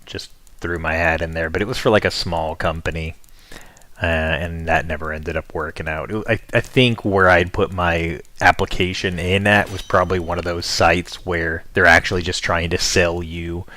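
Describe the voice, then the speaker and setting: A young American man with a notably deep, low voice, talking to his viewers in a loose, rambling way as he plays. His delivery is chatty and offhand, and he drifts from one thought to the next. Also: steady tone, normal speed, bright, forceful tone. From United States. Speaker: streamer. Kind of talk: casual chat with viewers while playing.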